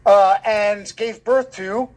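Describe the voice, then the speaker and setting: A man's voice: high voice, fairly even intonation, takes it slowly. A man speaking as a guest author in an interview, talking emphatically and repeating words for stress. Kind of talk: animated conversational interview.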